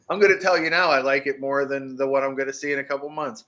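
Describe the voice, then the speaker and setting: An American man co-hosting a podcast, chatting casually and jokily about horror movies and laughing often. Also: medium pitch. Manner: animated, jokey, laughs often. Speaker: podcast co-host.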